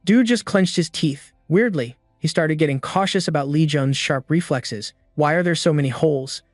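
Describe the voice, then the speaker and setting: A man's voice: on the high side, no room sound. Slangy man narrating a comic recap. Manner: quick, punchy slang-filled storytelling. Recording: dry close voice over music.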